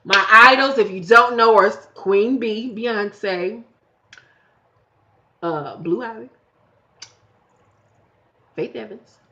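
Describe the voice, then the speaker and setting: A woman giving a casual, profane episode review, acting out the cast's lines in animated bursts. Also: a little high, slow pace, pauses often. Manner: animated, profane, acts out quotes. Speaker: reality TV recap vlogger. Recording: dull lo-fi home recording.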